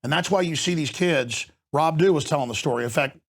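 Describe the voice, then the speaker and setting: A man hosting a talk show, speaking forcefully and emphatically in a heated discussion. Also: a little high. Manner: forceful, emphatic, rapid-fire delivery. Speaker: host.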